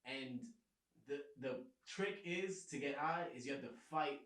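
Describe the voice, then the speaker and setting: A man's voice: mid-range voice, a little slow, fairly bright tone. A man on a podcast casually telling a laid-back story and laughing along with it. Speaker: podcast co-host. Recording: roomy echo.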